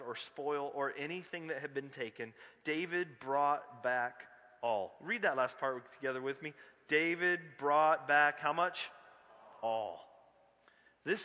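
A male pastor preaching a sermon in a church, reading scripture and telling a story in a conversational, animated way with joking asides. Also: fairly high pitch. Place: church sanctuary. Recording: long reverb of a large church hall.

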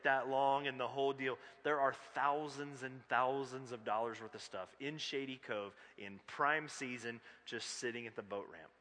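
A male pastor preaching a sermon in a church, reading scripture and telling a story in a conversational, animated way with joking asides. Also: medium pitch. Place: church sanctuary. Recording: long reverb of a large church hall.

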